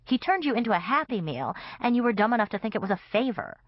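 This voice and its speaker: A woman's voice: fairly high pitch, sing-song, fast, dry recording, voice pushed up. A woman voicing a sarcastic, indignant young woman vampire in an audiobook. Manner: snarky, exasperated. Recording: dull, dry audiobook recording.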